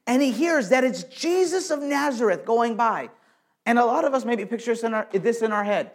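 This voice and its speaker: Man preaching, soft to loud. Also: extremely high pitch, animated, moderate pace. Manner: emphatic, swinging between soft and loud; repeats words and restarts often. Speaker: pastor. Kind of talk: sermon.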